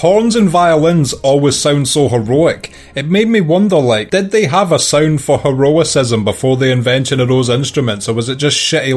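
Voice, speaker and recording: A young Scottish man gives casual, joking commentary, swearing freely as he reacts to a show. His voice sits at an ordinary middle pitch, with faint music underneath. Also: moderate pace, few pauses. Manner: joking, profane. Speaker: reaction video host.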